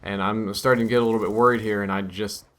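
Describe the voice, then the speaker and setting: A man's voice: on the low side, fairly even intonation, quick pace, a bit bright. A young man telling a strange dream over gameplay as a channel host, musing and wondering aloud.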